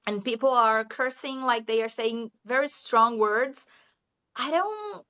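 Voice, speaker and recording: A woman's voice: fairly high pitch, a little slow, pushed and bright, smooth. A Brazilian woman speaking English with a Brazilian Portuguese accent, an English teacher chatting casually as an interview guest, laughing often and leaning on "you know". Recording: muffled lo-fi audio.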